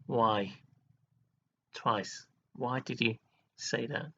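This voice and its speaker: A live streamer speaks slowly with frequent pauses in a husky, fairly bright, mid-range voice, and the audio sounds dull. In his emotional monologue vlog he turns earnest and dramatic, alternately scolding and praising viewers, with sudden laughs and sighs.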